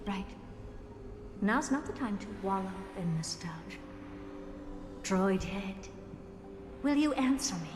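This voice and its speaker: A haughty genius scientist. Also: female voice, mid-range voice, lively intonation, slow pace, long pauses, in a large hall, noisy background. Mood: imperious. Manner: imperious and sardonic. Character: haughty, sharp-tongued genius woman scientist. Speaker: game character. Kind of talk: game voice acting.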